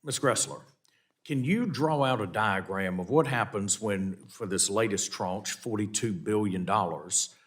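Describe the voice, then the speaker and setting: A man with a Southern American accent questioning witnesses at a committee hearing, halting and repeating words as he presses his points. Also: fairly low pitch.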